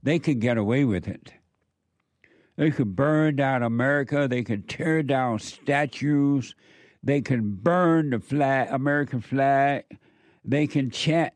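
Guy ranting in a dry close room, mid-pitched, keeps repeating himself for emphasis. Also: slow, no room sound. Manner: emphatic, repetitive warnings. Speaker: political commentator. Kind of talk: opinion monologue.

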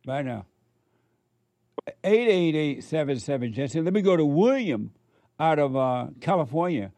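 A man's voice: a little high, sing-song, unhurried, dark tone, no room sound. A man hosting a call-in radio show, blunt and direct with his callers. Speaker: radio talk show host.

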